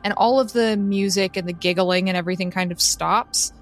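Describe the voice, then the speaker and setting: A woman narrating a tabletop role-playing game as game master, in slow, measured storytelling. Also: mid-range voice, steady tone, soft background music.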